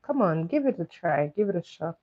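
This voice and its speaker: A woman's voice: lowish voice, sing-song, fairly quick. A woman hosting a casual trivia game on a live stream, coaxing her viewers and repeating each question. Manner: coaxing, reads questions out to chat and repeats them. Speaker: livestream host running trivia. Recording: dull lo-fi stream audio.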